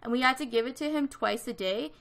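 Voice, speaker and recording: A woman's voice: sits high, a little fast, vocal fry, fairly bright tone. A woman in her twenties from Canada, telling a story in casual chat over a gaming video, with lots of fillers. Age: 20s. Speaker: gaming vlogger.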